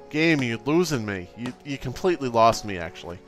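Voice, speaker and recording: A man doing let's play commentary, exasperated, swearing a lot and reading the game's options out loud. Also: mid-range voice, sing-song, fairly quick, faint music behind. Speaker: gaming YouTuber.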